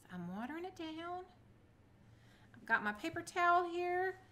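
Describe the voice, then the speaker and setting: A woman's voice: extremely high pitch, big pitch swings, normal speed, bright, forceful tone. A middle-aged woman, chatting through a casual craft tutorial and cheering herself on as she works. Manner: chatty, self-encouraging, talks to viewers. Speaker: craft vlogger.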